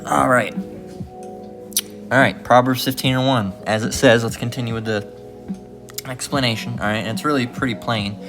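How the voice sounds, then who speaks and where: A man's voice: mid-range voice, steady tone, moderate pace, long pauses, a bit bright, soft background music. A man teaching from scripture in a casual sermon, repeating "okay?" and "all right?" as he goes. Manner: informal, repetitive, keeps asking "okay?" and "all right?". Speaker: Bible teacher.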